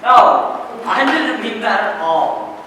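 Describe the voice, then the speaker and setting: A wistful, smitten juror, played by a young actor, in a high, bright voice. He is recorded from far off in a large, reverberant auditorium. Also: lively intonation, slow, a little hiss or hum, heavily acted. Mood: dreamy. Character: dreamy, smitten male juror. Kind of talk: high school stage play. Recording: distant stage in echoey auditorium.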